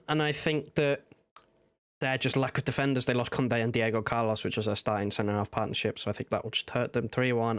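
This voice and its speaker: A man co-hosting a casual football fan stream, talking through his match prediction in a relaxed way. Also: medium pitch, clean tone, no echo. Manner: relaxed, laughs along, plain match talk. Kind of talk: casual chat.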